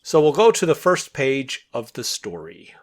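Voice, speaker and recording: A man's voice: mid-range voice, wildly swooping pitch, a little slow. A man co-hosting a podcast, talking through a comic with dry, wry remarks. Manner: dry, wry asides while reading along. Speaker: podcast co-host. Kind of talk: casual comic book discussion.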